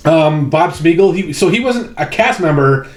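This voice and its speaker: A man's voice: a little high, animated, normal speed, echoey room. A man from Chicago co-hosting a podcast, talking bluntly and profanely in casual chat. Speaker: podcast co-host.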